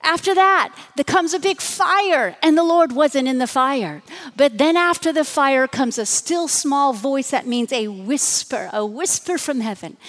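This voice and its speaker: A woman pastor giving a dramatic sermon, dropping to hushed tones and rising to emphatic bursts. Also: high voice, a little slow, big-room sound.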